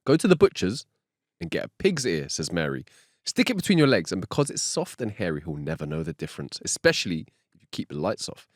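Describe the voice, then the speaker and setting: A man with a fairly low speaking voice reads out listener jokes on a comedy podcast. His pitch swings widely as he jumps into high character voices. He sounds close to the mic in a dry space. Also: fast talker, no room sound. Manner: animated storytelling, jumping into high voices for characters. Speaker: podcast co-host. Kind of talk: reading listener jokes aloud.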